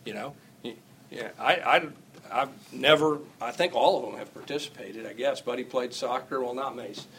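A man's voice: medium pitch, normal speed, fairly bright tone, low-quality recording. Middle-aged man, folksy class teacher, rambling with lots of fillers, wry and emphatic, faint noise behind. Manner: chuckles often and turns wry and emphatic. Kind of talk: informal teaching talk to a class.

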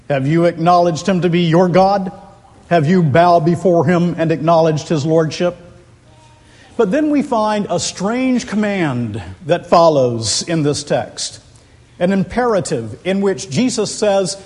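Male preacher, higher-pitched, measured and deliberate delivery with impassioned peaks, large church with long reverb. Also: animated, a little mellow. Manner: slow, deliberate, rising to impassioned emphasis. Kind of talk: expository sermon.

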